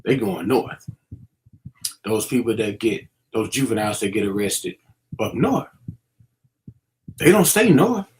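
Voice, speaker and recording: A man's voice: fairly low pitch, very animated, measured pace, long pauses, a little mellow, slight background noise. A middle-aged man giving casual, preachy commentary, using street slang and many fillers as he warns young people. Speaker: vlogger.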